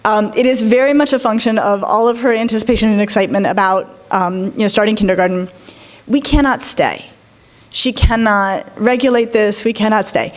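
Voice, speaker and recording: A middle-aged woman, a psychologist, giving a lively conference talk, telling anecdotes and acting out quotes, with many "right?" and "like" asides. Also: medium pitch, a little fast. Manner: lively storytelling with acted-out quotes, frequent "right?" and "like".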